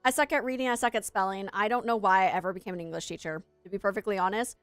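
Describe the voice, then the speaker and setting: A woman's voice: medium pitch, fairly even intonation, very fast, smooth, no room sound, faint music behind. A woman streamer chatting on a live gaming stream, rambling and self-deprecating, who also works as an English teacher.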